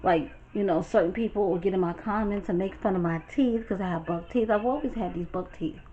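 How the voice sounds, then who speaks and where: Brooklyn woman, lively profane storyteller; muffled lo-fi recording, faint noise behind. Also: medium pitch, a little fast. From Brooklyn, New York. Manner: animated, profane, chatty, talks straight to viewers. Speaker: storytime vlogger. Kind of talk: casual storytelling.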